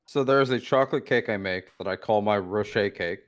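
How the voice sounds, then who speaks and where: A man's voice: fairly low pitch, brisk. A man co-hosting a podcast in a loose, rambling casual chat, often trailing off mid-thought. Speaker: podcast co-host.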